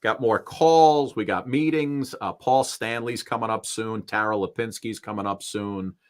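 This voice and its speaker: A man's voice: on the low side, measured pace. A man co-hosting a talk show, chatting loosely with fillers as he signs off and banters with a guest. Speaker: co-host. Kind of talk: casual chat.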